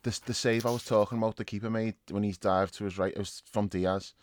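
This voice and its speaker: A man co-hosting a casual football chat, telling stories in an animated way with plenty of swearing and laughter. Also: lowish voice, quick pace. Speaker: football podcast co-host. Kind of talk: casual match reaction chat.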